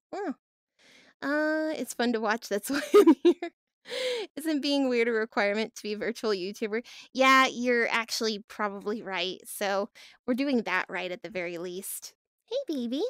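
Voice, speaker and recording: A woman's voice: a little high, unhurried, no echo, clean studio sound. A woman streaming live from her home office, chatting bubbly and giggly while reading and answering her chat.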